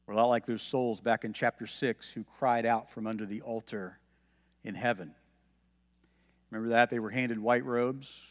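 A man's voice: medium pitch, fairly even intonation, normal speed, in a large hall. A male pastor preaching a sermon, teaching and asking the listeners questions, and reading scripture aloud with emphasis. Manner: teaching, asks the congregation questions.

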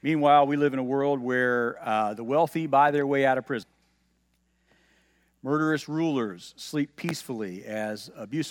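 A man's voice: medium pitch, big-room sound. A male pastor preaching a sermon, teaching and asking the listeners questions, and reading scripture aloud with emphasis. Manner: teaching, asks the congregation questions.

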